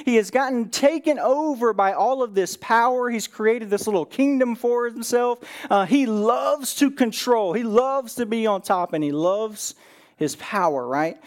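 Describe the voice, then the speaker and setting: A man preaching as a pastor in a church, retelling a Bible story and acting out the characters' lines with a rising voice. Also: high voice. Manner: animated, acts out quotes with rising voice, fillers like "right?".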